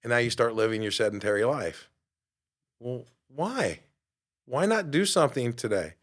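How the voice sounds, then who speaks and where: Middle-aged male podcast host, mid pitch, emphatic and preachy, lots of rhetorical questions, curses casually. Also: lively intonation, moderate pace. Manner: swears casually. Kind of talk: motivational podcast talk.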